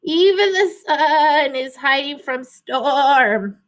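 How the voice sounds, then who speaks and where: Timid shaky sheep, lady reading, drawn-out scared bleating, high voice. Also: sharp tone, full character voice. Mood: frightened. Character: timid, frightened farm sheep.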